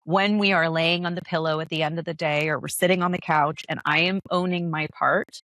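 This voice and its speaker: A woman's voice: low voice, steady tone, a little fast, a bit bright, no echo. A woman guest on a podcast, talking candidly about parenting as a yoga teacher, laughing often and restarting her sentences. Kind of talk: conversational podcast interview.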